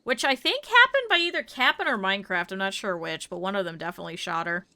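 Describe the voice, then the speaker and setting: A woman's voice: medium pitch, animated, fast talker, sharp tone. A woman streamer giving live gameplay commentary, chatty, laughing often and talking to her game characters and chat.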